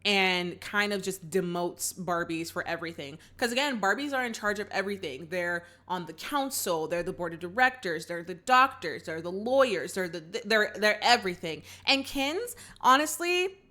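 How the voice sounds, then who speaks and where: A woman's voice: mid-range voice, normal speed, hardly any pauses. A young woman hosting a movie reaction, recapping the plot in casual chat and talking straight to her viewers. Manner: animated, acts out characters' lines, talks to viewers as y'all.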